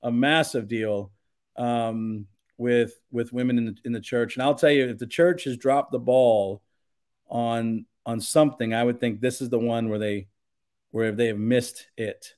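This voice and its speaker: A man of middling pitch speaks as a pastor in a relaxed podcast chat. He is earnest and emphatic, working his thoughts out aloud as he goes. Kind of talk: casual podcast conversation.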